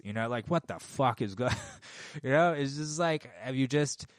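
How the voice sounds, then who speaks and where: A man's voice: fairly high pitch, lively intonation, a little fast, no echo, studio quality. Profane ranting middle-aged man. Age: 40s. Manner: profane, heated, swears constantly. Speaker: podcast host. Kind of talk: casual rant. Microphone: studio microphone.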